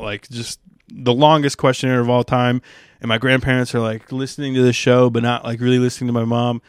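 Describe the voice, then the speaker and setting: Smooth-voiced young man, crude rambling monologue. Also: mid-range voice, level tone, brisk, dry recording, studio quality. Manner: rambling, crude and profane, wry. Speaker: stand-up comedian.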